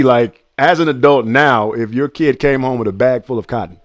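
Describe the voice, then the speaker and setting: A young man co-hosting a relaxed commentary show, talking casually and jumping into higher voices when he quotes people. His voice sits at a middle pitch. It is recorded dry and close, with no room sound. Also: moderate pace, hardly any pauses, dry recording. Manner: animated storytelling, acts out quotes in a higher voice. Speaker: podcast co-host.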